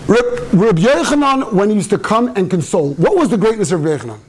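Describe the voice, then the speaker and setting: A man's voice: high-pitched, very animated, rapid-fire, hardly any pauses, breathy edge. A man, a rabbi giving an informal Torah talk in a synagogue study hall, telling stories and mixing in Yiddish and Hebrew terms.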